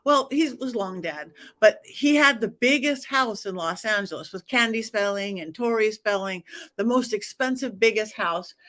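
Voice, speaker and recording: A woman's voice: medium pitch, lively intonation, moderate pace, a bit bright. A middle-aged woman, a psychic medium guest, telling stories in a casual interview, acting out dialogue and laughing often.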